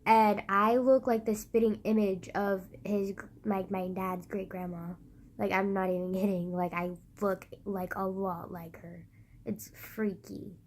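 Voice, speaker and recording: A woman vlogging to her phone's front camera, rambling casually with a squeaky voice gone slightly husky from being sick. She is loud and giggly, swears freely, and pokes fun at herself. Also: flat delivery, a little slow, a little hiss or hum. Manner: loud, giggly, swears a lot, self-mocking.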